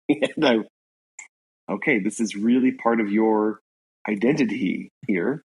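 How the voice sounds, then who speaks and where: A congested man co-hosting a podcast, talking through a novel in a thoughtful, halting way with many fillers. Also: mid-range voice, breathy edge, rough recording. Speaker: podcast co-host. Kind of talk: casual book discussion.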